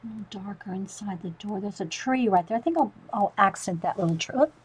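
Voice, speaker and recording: A woman's voice: medium pitch, fast, a little hiss or hum, poor audio. A woman demonstrating mixed media painting, murmuring to herself as she works. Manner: soft, murmured self-talk while painting, often near a whisper.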